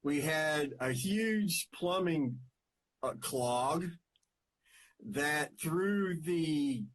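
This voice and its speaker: A man, co-hosting a podcast, relaxed and rambling as he greets viewers and tells stories. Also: a little high. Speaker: podcast co-host. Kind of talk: casual chat on a live stream.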